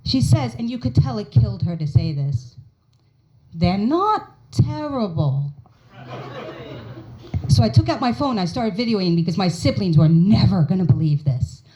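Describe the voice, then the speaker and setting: A woman's voice: mid-range voice, animated, fairly quick, hardly any pauses, dark tone, highs cut off. An American woman in her forties performing a stand-up comedy set at a small pub comedy night, telling stories and acting out her mother's lines. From United States.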